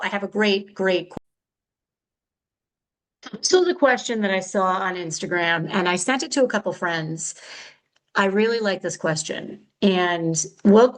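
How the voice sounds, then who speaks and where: On a low-quality recording, a middle-aged woman with a fairly low voice hosts her own podcast solo. Her talk is casual, candid and chatty, a little frenetic, and full of self-corrections.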